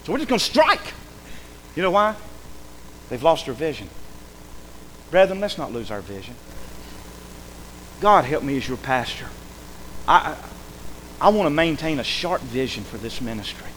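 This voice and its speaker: Folksy pastor in a reverberant church. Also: male voice, medium pitch, moderate pace, long pauses. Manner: folksy, animated preaching with repeated words. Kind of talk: sermon. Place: church sanctuary. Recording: long hall reverb, faint noise.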